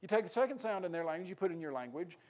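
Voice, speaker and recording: Here the Tennessee preacher goes rapid-fire, his fairly high voice full of animated emphasis. Quoted lines frequently get a raised voice.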